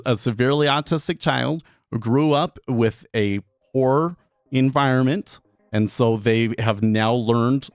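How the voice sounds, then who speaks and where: Low-voiced man rambling on a stream. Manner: rambling, many restarts and fillers. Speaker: day trading streamer. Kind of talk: casual live-stream monologue.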